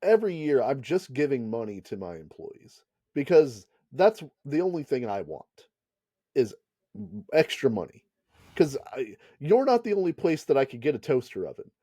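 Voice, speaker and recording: A man's voice: mid-range voice, big pitch swings, moderate pace, mellow, breathy edge, dry recording, clean studio sound. A man co-hosting a podcast in casual chat, rambling and laughing often. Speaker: podcast co-host.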